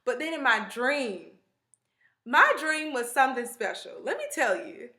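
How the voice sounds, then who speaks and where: A young woman with a bright, forceful voice pitched a little high chats straight to her camera. She tells her story in a rambling, animated way with plenty of fillers. The room around her rings with echo. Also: measured pace. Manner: chatty, rambling, animated retelling with many fillers. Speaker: vlogger. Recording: echoey room.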